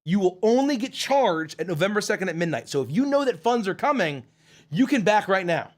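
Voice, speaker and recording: Male stream host with a high voice, casual and profane, joking through viewer messages. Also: big pitch swings, brisk.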